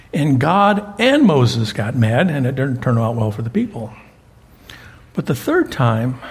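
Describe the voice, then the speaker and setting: A man's voice: medium pitch, darkish tone, breathy edge. An older man preaching a sermon as pastor, telling folksy stories and often repeating words as he goes.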